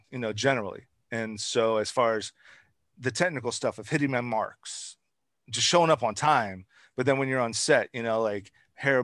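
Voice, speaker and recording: A man's voice: mid-range voice, a bit bright, no room sound, studio quality. A man hosting a casual conversation, talking in long, repetitive runs that pile up lists of examples. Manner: repetitive, builds points by listing items. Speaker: interview host.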